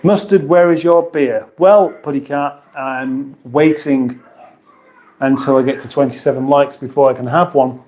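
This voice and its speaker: A man's voice: mid-range voice, steady tone, a little slow, a little mellow. Man, English accent, live-stream host, dry playful banter, home kitchen, reading chat comments. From England.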